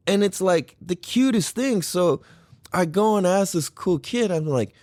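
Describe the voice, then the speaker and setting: A man in his thirties hosting a podcast, talking in an excitable, rambling way and swearing freely. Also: high voice, moderate pace, no echo, studio quality. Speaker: podcast host. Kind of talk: casual solo podcast talk.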